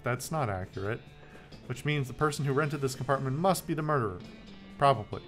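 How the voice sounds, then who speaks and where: A man's voice: mid-range voice, animated, brisk, a bit bright, faint music behind. A man hosting a video game playthrough, reading the game text aloud with playful commentary in a wry, joking, rambling way. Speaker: let's play host.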